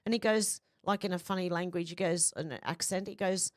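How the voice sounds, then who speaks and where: A woman's voice: lowish voice, fairly quick, dry recording, studio quality. A woman hosting a casual live stream, reading out viewer comments and rambling in a chatty way. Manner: chatty, rambling, laughs easily.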